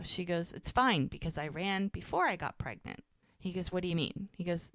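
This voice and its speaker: Recorded dry with clean studio sound, a woman with a fairly low voice briskly recaps a TV episode on a podcast in casual chat. She acts out what the characters say, quoting them with "she's like" in an animated retelling.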